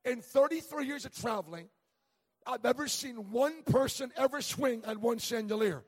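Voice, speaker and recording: A man's voice: very high-pitched, normal speed, slightly rough. A middle-aged man preaching a sermon as a traveling evangelist, telling stories with humor and stumbling through frequent restarts. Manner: storytelling with humor, many stammered restarts. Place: church sanctuary. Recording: long church reverb.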